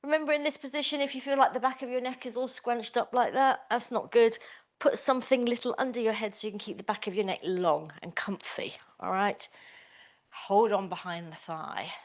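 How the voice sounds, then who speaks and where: A woman's voice: fairly high pitch, steady tone, fairly quick. A woman teaching a small Pilates class, giving encouraging, chatty cues. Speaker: pilates instructor. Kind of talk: live class instruction.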